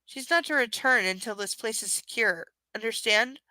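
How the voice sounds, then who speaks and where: A cold, controlling rich young man who gives curt orders, read aloud by a woman with a stuffy nose. The voice is bright and clear, with a slightly higher pitch and a dry, close sound. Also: normal speed, no room sound, low-quality recording. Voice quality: stuffy nasal voice. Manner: curt, commanding.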